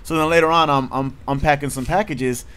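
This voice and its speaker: A man's voice: fairly high pitch, a little fast, smooth. A man hosting a casual podcast chat, telling a long anecdote and acting out what people said. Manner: rambling, animated anecdote with reenacted quotes. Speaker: podcast host telling a story.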